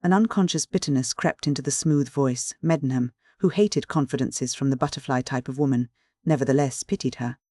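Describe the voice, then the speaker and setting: An audiobook narrator reading a classic novel in measured, scripted narration. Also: mid-range voice, dark tone, no room sound, clean studio sound.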